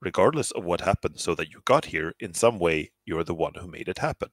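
A man voicing a calm, reflective male spaceship crewmate, reading visual novel dialogue aloud in a measured, earnest way. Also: low-pitched, no echo, pitched below the performer's own voice.

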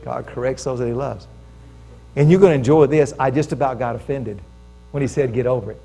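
An American man preaching a sermon as pastor, telling a story with lively calls to his congregation. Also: mid-range voice, a little fast, vocal fry, slight background noise.

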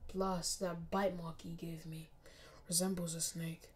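Sullen teenage boy ninja rival voiced by a woman, quiet, slow, fan story retelling. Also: lowish voice, level tone, close to an everyday voice.

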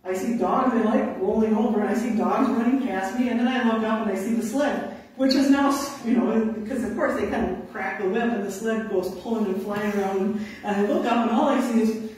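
Animated woman telling stories, echoey distant mic. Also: a little high, fairly quick. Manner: animated, laughing, acts out quotes. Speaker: conservation officer giving a talk. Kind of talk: storytelling to an audience. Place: indoor talk venue.

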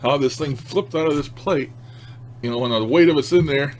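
A man's voice: fairly high pitch, normal speed, a little hiss or hum. Folksy, chuckling man telling ghost stories. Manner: folksy, chuckling, loose grammar, trails off and restarts. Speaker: paranormal vlogger. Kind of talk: casual rambling storytelling to camera.

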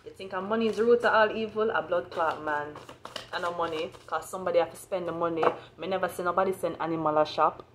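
A woman's voice: on the low side, fairly even intonation, fast talker. Jamaican woman, astrology reader, blunt, swearing, ranting, faint background noise. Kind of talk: astrology reading monologue.

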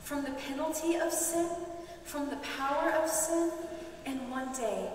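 A woman's voice: sits high, unhurried, slight background noise. A woman giving an earnest, emotional prayerful reading on a church stage. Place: large church hall stage. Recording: echoey hall from far off.

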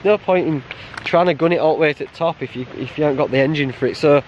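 A man chatting casually while hiking a mountain trail, blunt and quick to laugh. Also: fairly high pitch, a little hiss or hum. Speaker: hiker vlogger. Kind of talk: casual outdoor vlog chat.

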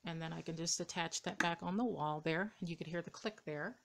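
A woman's voice: on the low side, a little fast, creaky. A woman showing her dollhouse rooms in a casual, hesitant narration full of ums and uhs, filmed indoors on a camera mic. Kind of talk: casual show-and-tell narration. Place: indoors beside a dollhouse, camera moved by hand.

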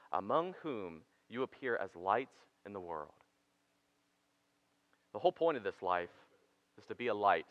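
A man preaching a conversational sermon, joking with the congregation between quiet and emphatic passages. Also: mid-range voice, no room sound. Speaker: pastor. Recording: dry, muffled church sermon recording.

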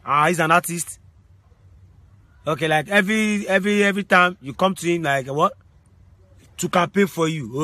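A man, a Yoruba speaker, acting as a mock judge in a comic skit, scolding and shouting insults and commands. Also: on the high side, no echo. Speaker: comedian playing a judge.

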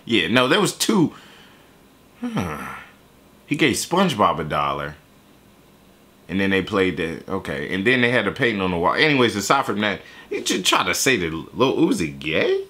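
A man's voice: low voice, wildly swooping pitch, normal speed, pushed and bright. A man in his twenties giving casual, jokey reaction commentary on a song, jumping into voices and asides. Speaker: music reaction YouTuber.

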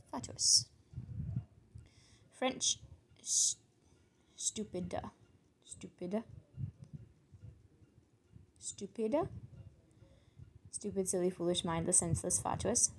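Woman, low voice, gravelly, slow and muttered, reading word lists, faint hiss. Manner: slow, muttered, thinking aloud over foreign words. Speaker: word channel host. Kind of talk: solo vocabulary reading.

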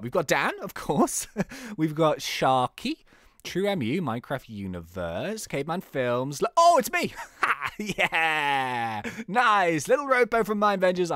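A man's voice: fairly bright tone, no echo. Goofy young guy narrating his gameplay, voice jumping all over, dry sound. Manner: playful, jokey, laughs at own jokes, wildly swinging pitch. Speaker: gaming YouTuber. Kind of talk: casual gameplay commentary.

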